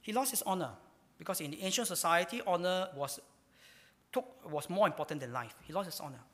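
A man preaching a sermon, swinging between loud emphatic lines and hushed ones. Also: high voice, expressive, brisk. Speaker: pastor. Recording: hall reverb.

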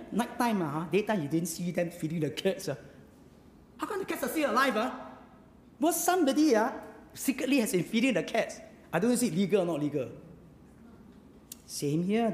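A preacher, delivering a sermon with emphatic rhetorical questions and sudden drops to a hushed voice. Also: medium pitch, a little hiss or hum. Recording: echoey hall with long reverb.

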